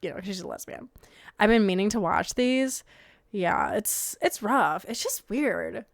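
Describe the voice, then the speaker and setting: A young woman streaming casual reactions to reality show clips, chatty, swearing freely and dropping into quiet mumbled asides. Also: medium pitch, animated, a little slow, vocal fry, dry recording, studio quality.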